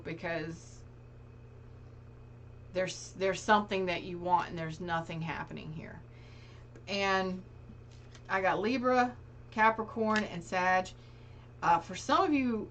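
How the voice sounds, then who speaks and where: A woman reads tarot cards in a loose, conversational way. She speaks to her viewers directly and earnestly, her voice sitting a little low. A faint hum runs under the recording. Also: fairly bright tone. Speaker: tarot reader. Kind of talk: casual tarot reading to camera.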